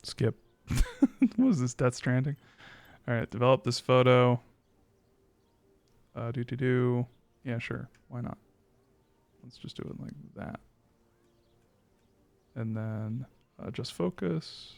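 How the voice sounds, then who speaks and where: A man's voice: mid-range voice, slow, vocal fry, pauses often. A man streaming a game, giving casual, sarcastic commentary full of jokes and muttered asides. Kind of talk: casual let's-play commentary.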